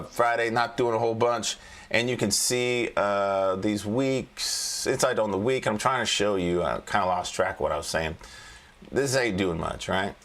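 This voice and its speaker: A man with a medium-pitched, fairly bright voice hosts a casual livestream about stock charts as a trading coach. He talks in a folksy, joking way and frequently restarts his sentences.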